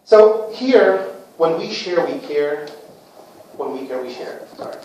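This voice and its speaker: Lively man presenting in an echoey room. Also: a little high, slow, lo-fi sound. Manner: lively, asks rhetorical questions, plays out little scenes. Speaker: book club presenter. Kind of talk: informal talk to a small group. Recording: echoey room, far from the mic, faint noise.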